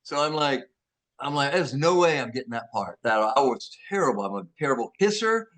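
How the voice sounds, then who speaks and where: A man in his sixties with a Southern American accent tells stories in an interview at an ordinary middle pitch. His manner is folksy and full of laughs. He acts out the other people in his stories. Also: sing-song, fairly quick, a bit bright. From Georgia, USA. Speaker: interview guest. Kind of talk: casual storytelling.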